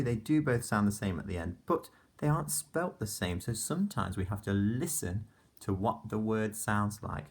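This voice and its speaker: A man teaching a phonics lesson to young children, slowly sounding out letters one by one and praising the class patiently. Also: on the low side, slightly rough. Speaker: primary school teacher.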